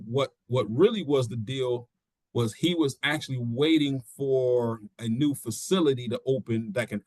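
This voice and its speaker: A middle-aged man, a pro wrestler being interviewed, telling his story casually and acting out quotes in an animated way. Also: mid-range voice, no room sound. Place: studio.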